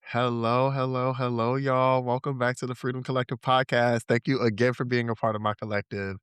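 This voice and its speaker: Man, podcast host, upbeat and chatty, smooth clear voice, dry sound. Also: medium pitch, fairly quick, no room sound. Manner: upbeat, chatty, relaxed slangy talk. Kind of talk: casual podcast hosting.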